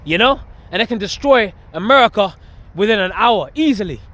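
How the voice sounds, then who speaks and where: A street preacher vlogs while walking outdoors among greenery, preaching casually and emphatically. His voice sits high and sounds sharp, animated and a little fast, and he uses slang and laughs often.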